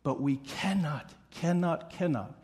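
A man's voice: fairly high pitch, a little slow, darkish tone, husky. A middle-aged male pastor preaching a sermon with emphatic repetition and playful asides.

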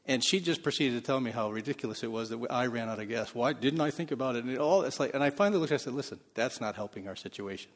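A man preaching a sermon as pastor, in a conversational style with frequent laughs, moving between soft and loud passages. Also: medium pitch, rapid-fire, hardly any pauses, big-room sound.

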